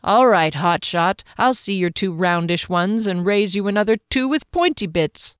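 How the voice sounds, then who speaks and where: A woman's voice: medium pitch, expressive, normal speed, clear, resonant tone, dry recording, studio quality, close to an everyday voice. A woman voicing a blunt, casual-talking male soldier with slangy, wry speech.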